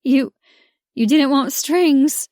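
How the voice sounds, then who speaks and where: A woman's voice: fairly high pitch, flat delivery, fairly quick, a little mellow, no room sound, studio quality, pitched above the performer's own voice, natural voice. A woman narrator voicing an emotional young woman, a former pageant queen, in a tearful, pleading way.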